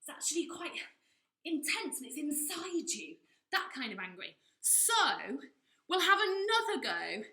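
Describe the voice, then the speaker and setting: A woman's voice: high voice, very animated, a little slow, bright, forceful tone, roomy sound. A woman teaching a drama lesson to children, talking straight to them in an encouraging way and acting out different levels of anger.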